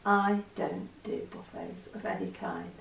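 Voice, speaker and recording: Chatty woman with a gravelly edge. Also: on the low side, very animated, unhurried, echoey room, far from the mic, a little hiss or hum, low-quality recording. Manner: chatty, candid, self-deprecating. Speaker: vlogger. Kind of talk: casual chat to camera.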